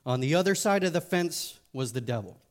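A man's voice: a little high, expressive, brisk. Joking, conversational male youth preacher. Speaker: youth pastor. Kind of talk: casual sermon.

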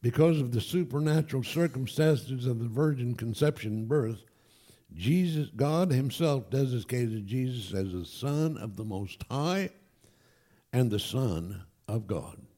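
A man preaching a sermon to his congregation, emphatic and animated, with folksy asides. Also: medium pitch, unhurried. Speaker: pastor. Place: church.

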